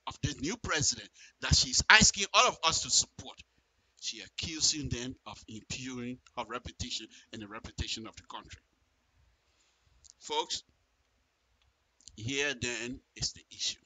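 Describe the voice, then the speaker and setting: A man's voice: mid-range voice, expressive, normal speed, pauses often, sharp tone, slightly rough, no echo, low-quality recording. A man doing live radio commentary, emphatic and repeating phrases as he reads and reacts to a statement.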